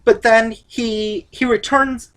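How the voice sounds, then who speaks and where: A woman's voice: a little high, fairly even intonation, slow. A woman co-hosting a casual movie review chat, rambling with many fillers. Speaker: co-host of a movie review show.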